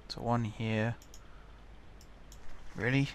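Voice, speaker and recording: A man's voice: mid-range voice, steady tone, very slow, slight background noise. A man chatting casually as he plays a building game, muttering to himself while he builds. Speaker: gaming channel host.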